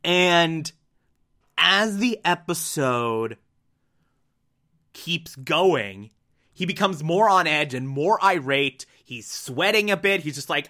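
An anime fan recaps an episode in a relaxed, chatty way. The voice is bright and forceful, and the delivery is unhurried and full of fillers. The speaker keeps slipping into quick impressions of the characters. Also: medium pitch. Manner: animated, fillers like "like" and "uh", acts out quotes. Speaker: anime reviewer. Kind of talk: casual episode breakdown.

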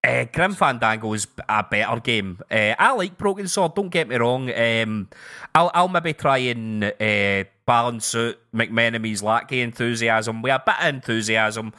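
A man with a bright, forward voice at a middling pitch. He recounts things with lively, profane energy in relaxed chat. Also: normal speed. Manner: sweary, animated storytelling. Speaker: podcast co-host. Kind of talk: casual chat.

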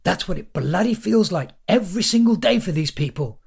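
A man with a husky voice playing a manic, pushy man who hectors and shouts. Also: a little high, lively intonation, moderate pace, voice pushed up, exaggerated voice. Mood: ranting. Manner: insistent, hectoring, shouts at times.

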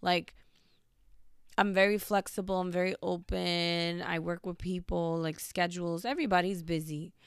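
A woman's voice: fairly low pitch, steady tone, normal speed, clear, resonant tone, dry recording, clean studio sound. A young woman hosting a talk show, speaking bluntly and emphatically in a casual monologue. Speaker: podcast host.

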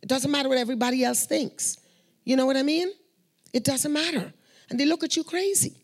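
A woman's voice: sits high, fairly quick. A woman sharing prayer testimonies in an earnest, conversational storytelling way. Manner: earnest, conversational, acts out quoted voices.

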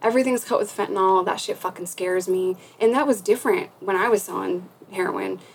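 A woman's voice: mid-range voice, fairly quick, slight background noise, low-quality recording. A young woman guest in a casual interview, talking frankly and profanely, with a self-mocking laugh. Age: young adult. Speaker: podcast guest.

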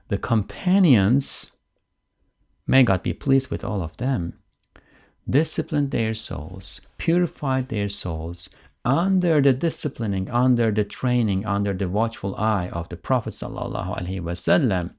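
Gravelly-voiced man giving a religious lecture. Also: lowish voice, darkish tone. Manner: earnest and emphatic, with restarts. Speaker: religious teacher.

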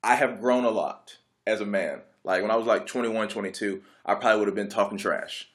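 A man's voice: on the low side, a little fast, a bit bright. A young adult man telling a casual story in a rambling, laid-back way, with lots of filler words. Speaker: vlogger.

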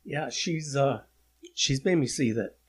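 A podcast host with a husky, medium-pitched voice leads a casual chat. He speaks emotionally and haltingly, restarting his sentences often.

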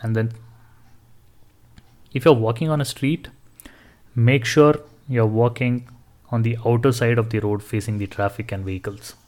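A man's voice: medium pitch, steady tone, moderate pace, long pauses, a little mellow. A man hosting a solo podcast, giving earnest advice with some restarts and fillers. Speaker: podcast host.

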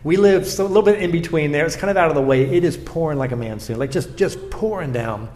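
A man's voice: a little high, fast, a little mellow. A man, a pastor from South Florida, talking in an interview in an earnest way and often repeating words as he makes a point. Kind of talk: conversational storytelling interview.

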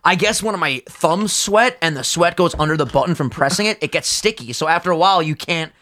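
A young man co-hosting a podcast, chatting casually in an excitable, slangy way with plenty of swearing. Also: a little high, brisk. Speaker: podcast co-host.

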